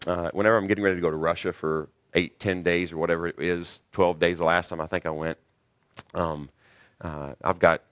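Deep-voiced man preaching a sermon. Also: a bit bright, no echo, clean studio sound. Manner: earnest preaching, rises to emphatic peaks. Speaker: pastor.

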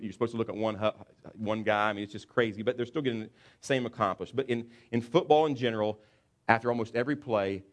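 A pastor delivers his sermon in a fairly low male voice. He tells a story with lively, acted-out asides and speaks to his congregation in plain, conversational words. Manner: animated storytelling, acts out football players.

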